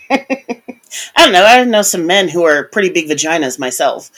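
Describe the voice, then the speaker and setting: A woman's voice: fairly low pitch, big pitch swings, measured pace, fairly bright tone. A woman from the United States co-hosting a podcast in casual chat, laughing often and talking expressively. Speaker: podcast co-host.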